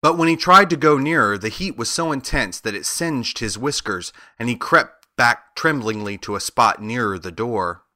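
A man narrating a children's storybook as an audiobook, in a steady, even storytelling manner. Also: medium pitch, normal speed, hardly any pauses, no room sound, studio quality.

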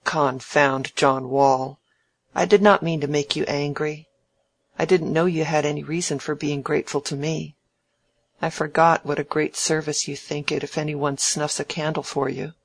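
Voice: medium pitch, steady tone, normal speed, dry recording, lightly acted. A reader voicing an idle, proud young man in a novel, talking brashly and emphatically. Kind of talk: audiobook dialogue reading.

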